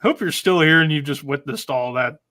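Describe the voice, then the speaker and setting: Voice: mid-range voice, brisk, a bit bright. A stream host in casual chat, giddy and laughing a lot.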